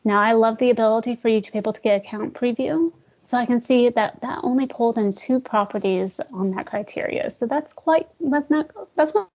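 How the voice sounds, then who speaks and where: A woman leading a screen-share software tutorial for real estate agents, talking casually, calling her listeners "guys" and joking about slow screens. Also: on the high side, muffled recording. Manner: chatty, addresses audience as guys, jokes about glitches.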